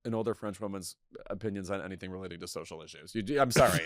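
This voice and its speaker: A man's voice: sits low, animated, no echo, clean studio sound. Wry, arch male podcast host. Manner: wry, arch, quick-witted. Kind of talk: casual chat.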